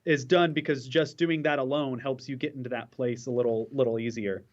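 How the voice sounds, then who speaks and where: A male actor chatting as an interview guest, full of ums and restarts. His voice sits at an ordinary pitch. The sound is a little dull. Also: fairly even intonation. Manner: halting, filler-heavy. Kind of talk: casual interview chat.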